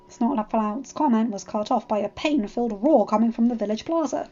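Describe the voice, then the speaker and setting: A woman narrating a fan fiction story as a storybook reading, with expressive delivery. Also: fairly high pitch, normal speed, few pauses. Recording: slightly muffled, faint background music.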